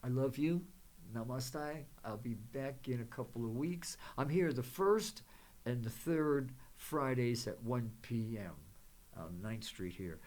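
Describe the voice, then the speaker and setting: Guy rambling about spirit stuff on his show, lots of uhs and restarts, gentle blessings, mid-pitched voice. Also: animated, slow. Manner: rambling, many fillers and restarts. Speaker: psychic and spiritual show host. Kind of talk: rambling spiritual talk to viewers.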